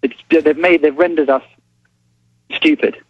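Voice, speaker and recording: A man with a London English accent, calling in as a reporter and reflecting in a halting way with many restarts, heard over a phone line. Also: on the high side, fairly even intonation, husky, dry recording. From England. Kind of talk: phone-in interview.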